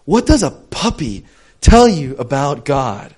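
Husky and medium-pitched, a young preacher takes it slowly through a casual sermon. He's chatty and tells stories animatedly, using many fillers such as "um" and "like".

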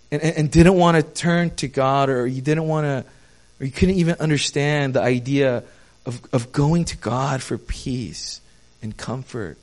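A man preaching a sermon as pastor, earnest, stumbling over repeated words and swinging between hushed and fervent passages. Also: fairly high pitch.

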